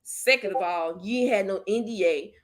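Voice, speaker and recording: A woman's voice: mid-range voice, moderate pace. A woman hosting a casual commentary chat, joking and laughing often. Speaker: host.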